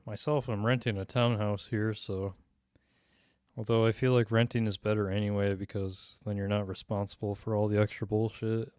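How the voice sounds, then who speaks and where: A man's voice: on the low side, flat delivery, normal speed, darkish tone, clean tone, no echo, studio quality. A young man from Minnesota with a slight Minnesota accent, chatting casually with his stream viewers and laughing often. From Minnesota, USA. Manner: laid-back, laughs often, answers chat. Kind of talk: casual livestream chat.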